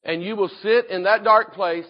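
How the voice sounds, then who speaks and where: A man preaching a sermon, emphatic and repetitive, rising in force and dropping low again. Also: fairly even intonation, moderate pace. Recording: dull lo-fi recording.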